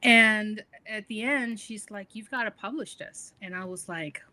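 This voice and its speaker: A middle-aged woman from the northern United States talks as an author guest, chatty and animated. Her voice is bright and forward, and she laughs easily as her stories unfold. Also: medium pitch, unhurried. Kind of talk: casual interview conversation.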